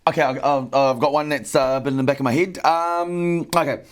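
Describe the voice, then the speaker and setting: A man telling a joke in casual chat, halting often with fillers along the way. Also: mid-range voice, fairly even intonation, clear, resonant tone. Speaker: player.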